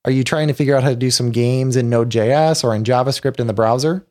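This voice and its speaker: Halting man hosting a tech podcast. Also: mid-range voice, fairly even intonation, a little mellow. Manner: halting, many restarts, upbeat. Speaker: podcast host. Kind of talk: casual tech podcast chat.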